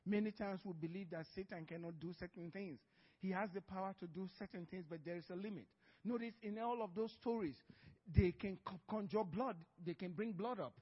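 A man's voice: sits high, a little fast, husky, big-room sound, dull audio. A man preaching a sermon as pastor, telling a story with frequent laughter and acted-out dialogue.

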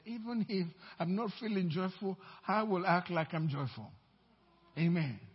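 High-voiced husky male pastor preaching. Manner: emphatic, swinging between loud declarations and low asides. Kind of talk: sermon. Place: church sanctuary. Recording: dull, reverberant church hall recording.

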